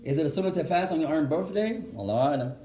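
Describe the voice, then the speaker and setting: Animated man teaching in an echoey room. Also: fairly high pitch, racing, slight background noise. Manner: animated, switches between Arabic and English, asks the class questions. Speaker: Islamic teacher. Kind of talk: classroom religious lesson.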